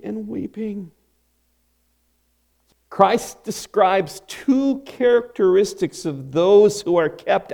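A man preaching a sermon, emphatic, asking the congregation rhetorical questions and swinging between loud declarations and hushed lines. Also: high voice, vocal fry. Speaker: pastor.

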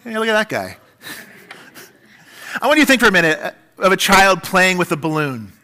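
Bright-voiced preacher, animated. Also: male voice, normal speed. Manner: animated preaching, dramatic shifts in pitch and volume. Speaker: pastor. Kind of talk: sermon.

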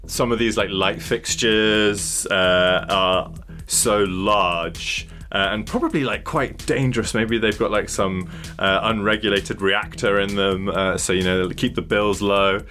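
A man's voice: fairly low pitch, a little slow, bright, forceful tone, faint music behind. A man narrating a tabletop game as game master in a casual, rambling way full of fillers. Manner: rambling, full of likes and uhs.

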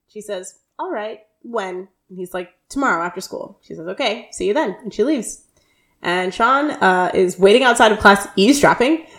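A young woman co-hosting a podcast, retelling a sitcom episode scene by scene in a casual, animated way. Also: medium pitch. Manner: animated retelling, quick quoted dialogue. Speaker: podcast co-host. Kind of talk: casual recap chat.

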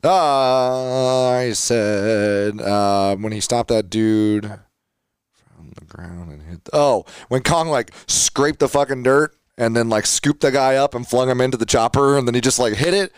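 A man's voice: mid-range voice, a little slow, clean tone, no echo, studio quality. Rambling young man on a podcast. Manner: rambling, laughs often. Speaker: podcast co-host. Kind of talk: casual movie chat.

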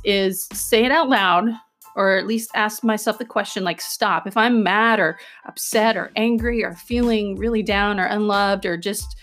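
A woman hosting a self-help podcast, talking earnestly and coaching her listeners, often checking in with "okay?" and "right?". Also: mid-range voice. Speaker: podcast host.

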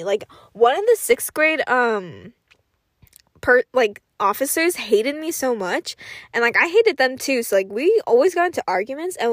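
Animated, profane young woman storyteller. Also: fairly high pitch, no echo, studio quality. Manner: profane, laughs often, animated retelling. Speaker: podcast host. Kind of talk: casual storytelling monologue.

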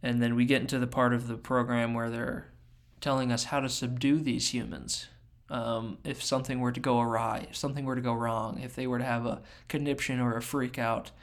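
A man in a relaxed, animated storytelling voice. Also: medium pitch, fairly quick. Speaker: podcast co-host. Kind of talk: casual storytelling chat.

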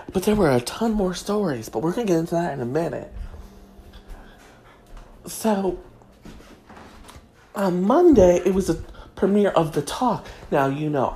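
Comedic host: woman, drawl, sassy mock-prim delivery, slow and mellow, faint background noise. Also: on the low side. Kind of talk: comedic gossip monologue.

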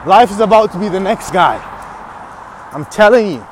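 A man with a high voice rants in a fired-up, trash-talking way, as if squaring up for a fight. He laughs between his lines. Faint noise sits behind him, recorded outdoors. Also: lively intonation, moderate pace. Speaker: podcast host. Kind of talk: fired-up motivational rant.

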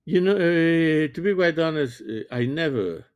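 A man in his sixties, a physician, giving a halting, earnest opinion monologue and often restarting his sentences. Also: fairly high pitch, lively intonation, clear, resonant tone, dry recording. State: sleepy, yawning. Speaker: physician commentator.

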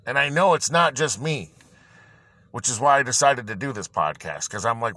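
A man's voice: mid-range voice, lively intonation, moderate pace, bright, forceful tone, no room sound. A man hosting his own podcast, ranting angrily and heatedly with constant swearing and rambling restarts. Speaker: podcast host. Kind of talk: angry ranting monologue.

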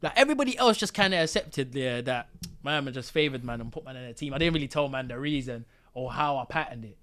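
A man's voice: mid-range voice, lively intonation, fast, fairly bright tone. A man, a podcast guest telling a story in casual, slang-heavy chat and acting out the quotes.

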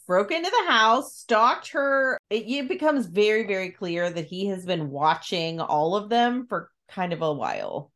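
A woman telling a story in a relaxed, unhurried way on a casual podcast. She slips into the characters' lines as she recaps the plot, animated and quick to laugh. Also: mid-range voice. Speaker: podcast co-host recapping a book. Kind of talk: casual chat.

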